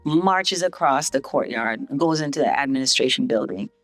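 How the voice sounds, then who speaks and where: Her pitch is extremely low and her pace moderate, with no room sound and faint music in the background. She's a middle-aged woman from St. Vincent who leads a hospital, telling her story on a podcast in a casual way. Lively and theatrical, she raises her voice to act out the quotes of others.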